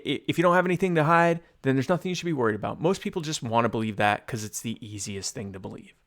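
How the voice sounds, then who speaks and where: A man's voice: on the low side, fairly bright tone. Man in loose, rambling podcast talk. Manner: jokey, slips into mock speeches and bits. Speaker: podcast co-host. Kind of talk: casual podcast chat.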